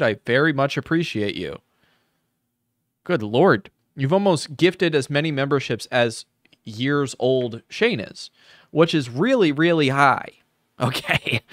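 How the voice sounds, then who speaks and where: A man's voice: medium pitch, a bit bright, dry recording, clean studio sound. A man giving crude, sarcastic live reaction commentary on a video, thanking viewers as he goes.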